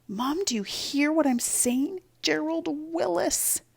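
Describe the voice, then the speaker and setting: A woman's voice: sits high, slow pace, gravelly, pitched above the performer's own voice, full character voice. A woman reading aloud and voicing an anxious, exasperated third-grade boy. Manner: worried, insistent, exasperated.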